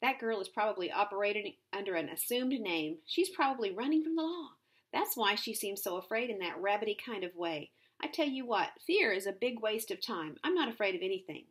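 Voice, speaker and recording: A woman's voice: mid-range voice, lively intonation, fairly quick, lightly acted. A woman voicing a tough, scornful young girl who talks bluntly and bossily.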